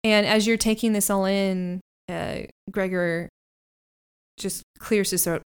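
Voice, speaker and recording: Smooth-voiced woman narrating as game master. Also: mid-range voice, steady tone. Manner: chatty and halting, with laughs.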